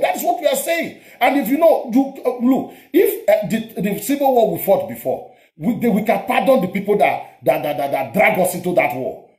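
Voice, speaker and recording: A Nigerian man with a high-pitched voice argues politics hotly, repeating himself and cutting in over his guest. His voice rings in a roomy, echoing space. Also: very animated, brisk. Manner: forceful, interrupting, repetitive. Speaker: show host. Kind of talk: heated political debate. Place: abroad, home.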